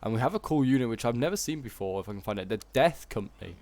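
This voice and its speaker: A man's voice: mid-range voice, lively intonation, very fast, darkish tone. Rambling Yorkshire man commenting on gameplay. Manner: rambling, lots of "like" and "um", self-correcting. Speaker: game channel host.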